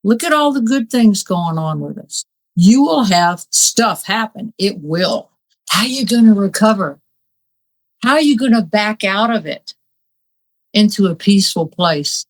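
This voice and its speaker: A woman's voice: medium pitch, expressive, measured pace, low-quality recording. A woman and Reiki master talking on a spiritual talk show, fiery, earnest and plain-spoken.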